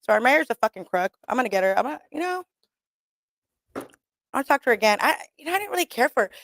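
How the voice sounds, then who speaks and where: A woman's voice: on the high side, sing-song, fast, creaky, a bit bright, dry recording. Blunt, profane woman radio host. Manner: blunt, profane, laughs often; mixes in Spanish slang. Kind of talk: casual, rambling radio talk.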